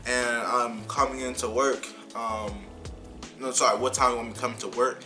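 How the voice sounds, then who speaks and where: A young man vlogger telling a heated, animated story about being fired, often repeating himself. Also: mid-range voice, moderate pace, soft background music. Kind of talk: casual storytime rant.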